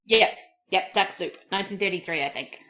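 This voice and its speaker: A woman's voice: mid-range voice, brisk, sharp tone. A woman guesting on a film podcast, chatting casually and laughing often. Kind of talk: casual chat.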